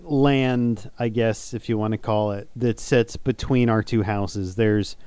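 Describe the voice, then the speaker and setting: A man in his thirties hosting a podcast, telling stories in a relaxed, chatty way with laughs. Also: on the low side, unhurried, smooth, no room sound. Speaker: podcast host. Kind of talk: casual chat.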